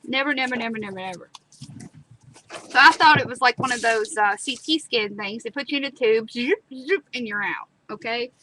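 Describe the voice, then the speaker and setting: This craft video host has a slightly high, sharp voice and talks at normal speed, heard through a rough live-stream recording with clear background noise. She chats, tells stories full of dramatic repetitions and demonstrates a craft project.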